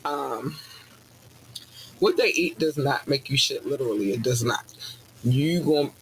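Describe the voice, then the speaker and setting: A man talks in a slightly high voice, loose and profane, preaching like a mock sermon. Quiet noise hums behind him. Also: rough recording. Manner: profane, animated, preachy asides. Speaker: podcast host. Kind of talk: casual rant with mock sermon.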